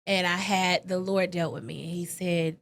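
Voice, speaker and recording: A woman guest talking openly in an interview, animated and emotional, with casual slang and quoted lines that leap up in pitch. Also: moderate pace, vocal fry. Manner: animated, expressive, acts out quoted lines with sudden high pitch. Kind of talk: candid conversational interview.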